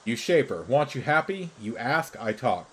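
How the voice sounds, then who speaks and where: A man's voice: mid-range voice, very animated, moderate pace, a bit bright, slight background noise, poor audio. A man voicing a shrewd, talkative male creature who wanders a fantasy game world, speaking in broken, clipped phrases. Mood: matter-of-fact. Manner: broken, clipped pidgin speech.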